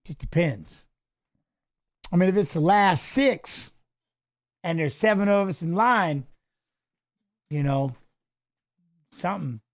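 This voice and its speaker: A man's voice: high voice, animated, takes it slowly, pauses often. A man casually commenting on a fight as he watches along, rambling and swearing while telling stories between the action. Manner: rambling, profane, restarts and fillers.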